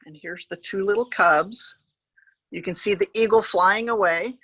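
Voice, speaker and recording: A woman reading a picture book aloud to children as a park educator, gently pointing to the pictures and adding animal sound effects. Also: medium pitch, measured pace, breathy edge, no room sound, rough recording.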